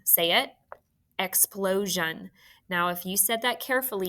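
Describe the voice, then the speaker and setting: Slow, bright-voiced woman teacher dictating spelling. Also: lowish voice. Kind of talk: phonics spelling lesson.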